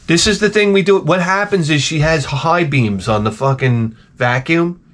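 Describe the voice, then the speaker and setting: Man vlogger, slightly high voice, ranting comedy bits, exasperated and crude. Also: normal speed, a bit bright. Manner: profane, exasperated, rambling with restarts. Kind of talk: comedic storytelling rant.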